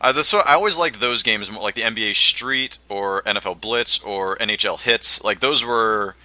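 A man with a very bright, forceful voice talks games in a loose, casual chat. His pitch sits a little low, and he laughs easily and swears offhandedly. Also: moderate pace, no room sound. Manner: laid-back, laughs often, swears casually.

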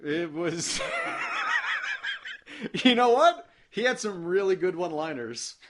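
A man's voice: sits high, lively intonation, normal speed, noisy background. A man hosting a comedy podcast, playful and laughing often as he talks with a caller. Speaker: podcast host.

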